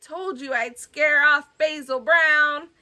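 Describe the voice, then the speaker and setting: Vrouw die een piepend klein monstertje speelt. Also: female voice, sits high, slow pace, pushed and bright, pitched above the performer's own voice, exaggerated voice. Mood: eager. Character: small cheeky pet monster, boy.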